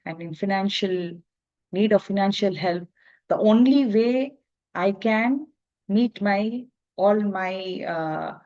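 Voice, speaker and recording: A woman voicing a male sandalwood merchant in debt, complaining with hesitant pauses, on a dull lo-fi recording. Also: mid-range voice, a little mellow, close to an everyday voice.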